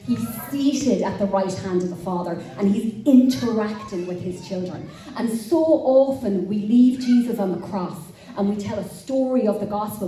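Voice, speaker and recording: A woman delivers a sermon with frank, self-deprecating stories. Her voice is mellow and warm. She sounds a little distant from the mic, with heavy church-hall echo and faint room noise behind her. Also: mid-range voice. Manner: candid, self-deprecating storytelling. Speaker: pastor. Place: church auditorium.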